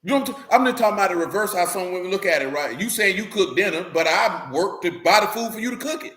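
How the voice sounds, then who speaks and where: A man with a high-set voice delivers a casual, streetwise sermon. He speaks bluntly and keeps asking whether his listeners follow. The room around him rings with echo. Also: animated, fast, a bit bright. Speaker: preacher. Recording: roomy echo.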